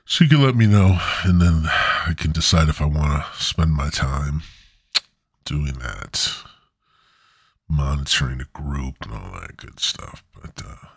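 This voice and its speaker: A man's voice: a bass voice, lively intonation, a little slow, husky, no room sound, clean studio sound. A man hosting his own podcast, rambling and joking crudely with many restarts. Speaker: podcast host. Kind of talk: rambling solo podcast monologue.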